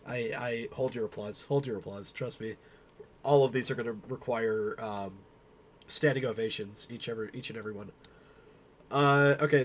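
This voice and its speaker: A young man streaming himself presenting a meme slideshow in a mock-formal, pompous, drawn-out way. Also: mid-range voice, slight background noise.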